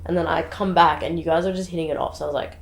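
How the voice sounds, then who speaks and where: Woman director, low voice, chatty, echoey room. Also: fairly even intonation, gravelly. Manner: chatty, quick to laugh. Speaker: director who cast the actors. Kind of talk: casual chat. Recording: roomy echo.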